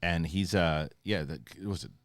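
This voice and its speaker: A man's voice: sits low, moderate pace, dry recording. A middle-aged man hosting a casual podcast chat, loose and joking, often rambling and restarting. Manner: loose, joking, prone to goofy sing-song bits. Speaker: podcast host.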